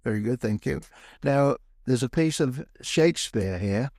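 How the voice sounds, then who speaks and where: A man voicing a brisk, businesslike woman producer at an audition. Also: mid-range voice, expressive, a little mellow, no echo, studio quality.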